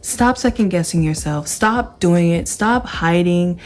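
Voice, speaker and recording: Excited woman giving a tarot reading. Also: fairly low pitch, a little slow. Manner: excited, emphatic, repetitive. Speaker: tarot reader. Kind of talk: casual tarot reading to camera.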